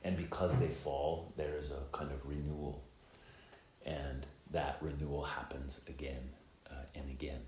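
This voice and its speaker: A middle-aged man giving a dharma talk as Zen teacher and preceptor, reflective and unhurried, with many ums and uhs. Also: very deep voice, flat delivery, darkish tone, a little hiss or hum. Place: temple hall. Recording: echoey temple hall, faint ambience.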